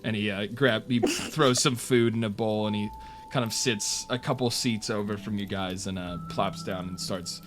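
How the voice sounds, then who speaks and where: A man's voice: fairly low pitch, steady tone, moderate pace, hardly any pauses, noisy background. A man narrating as game master of a tabletop game, hesitant, with many fillers.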